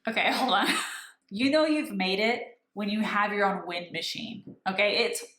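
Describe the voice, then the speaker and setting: A woman's voice: mid-range voice, expressive, normal speed, fairly bright tone. Chatty woman reacting to a concert video. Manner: chatty and enthusiastic, laughs. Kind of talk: casual reaction commentary. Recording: roomy echo with music.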